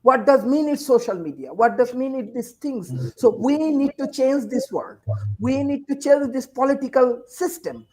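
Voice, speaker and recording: A high-pitched woman speaks over a video call. She talks with urgent, emotional force, stacking repeated phrases and questions like a teacher pleading with her peers. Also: expressive, normal speed, dark tone, slight background noise, low-quality recording. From Bangladesh. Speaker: university teacher and forum panelist. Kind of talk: impassioned panel speech.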